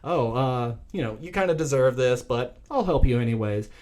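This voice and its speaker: A man's voice: mid-range voice, animated, moderate pace, a little mellow, lightly acted. A man putting on the voice of a creepy, sleazy male hunter while retelling a film, sneering and menacing.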